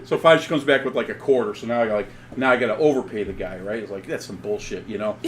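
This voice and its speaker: Animated laughing storyteller, a man. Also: lowish voice, rapid-fire, slight background noise. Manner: animated storyteller, laughs often, acts out dialogue. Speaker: podcast co-host. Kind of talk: casual storytelling chat.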